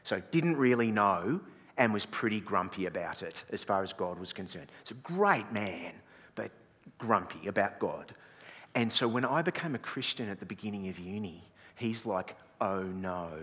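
A middle-aged man preaching with a slightly low, bright and forceful voice. He tells his story in a chatty, self-deprecating way, often restarting his sentences. The sound carries a long reverb from a big hall. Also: slightly rough. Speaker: pastor. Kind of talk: storytelling sermon.

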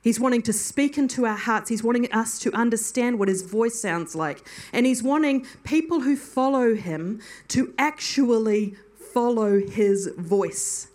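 A woman's voice: fairly high pitch, expressive, moderate pace, few pauses, a little mellow. A woman preacher giving a sermon, telling a story in an earnest, heartfelt way.

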